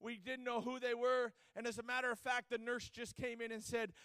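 A man's voice: extremely high pitch, level tone, fairly quick, pushed and bright, smooth, no echo, clean studio sound. A man preaching a sermon, telling a story dramatically and acting out the people in it.

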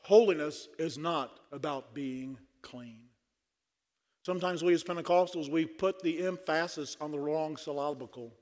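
A man's voice: on the high side, moderate pace, darkish tone. A man preaching a sermon at a conference, fervent and dry-humored. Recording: long hall reverb.

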